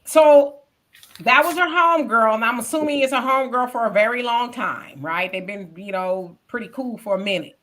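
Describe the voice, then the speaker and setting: A woman's voice: fairly high pitch, normal speed, a bit bright. A woman hosting a casual talk show, probing her guest with skeptical questions. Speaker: host.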